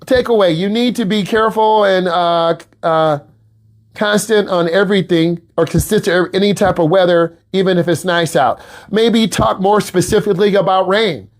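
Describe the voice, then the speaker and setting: Animated man teaching a class. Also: sits high. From Midwest US. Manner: animated, exhorting students, repetitive. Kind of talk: classroom lecture.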